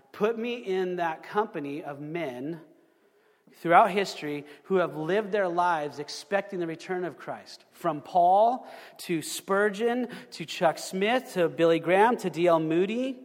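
A fairly high-pitched man preaching to a congregation in a casual, talky style, full of rhetorical questions and restarts. His voice rings with the long reverb of a church hall. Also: a little slow. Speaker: pastor. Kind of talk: sermon.

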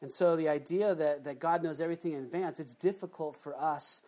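A preacher giving a conversational sermon, often asking the congregation questions and jumping up in pitch and loudness. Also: fairly quick. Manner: chatty, asks the congregation questions.

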